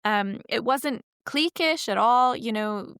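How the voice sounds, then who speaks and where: Chatty woman podcast host, smooth dry voice. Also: fairly high pitch, lively intonation, takes it slowly, fairly bright tone, dry recording. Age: 30s. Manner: chatty, rambling, self-correcting. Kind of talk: casual podcast intro.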